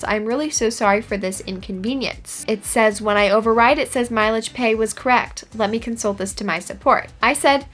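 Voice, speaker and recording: A woman's voice: on the high side, a bit bright. A woman vlogging casually about her shopper pay, reading out a support chat with sarcastic, dry humor. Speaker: gig delivery shopper and vlogger.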